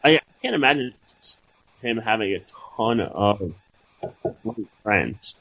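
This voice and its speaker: A man's voice: on the low side, sing-song, slow pace, no echo. A man chats hesitantly on a podcast, stumbling over restarts with a wry edge. The recording is dull and lo-fi, with a dry, close sound. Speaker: podcast co-host. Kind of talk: casual wrestling podcast chat.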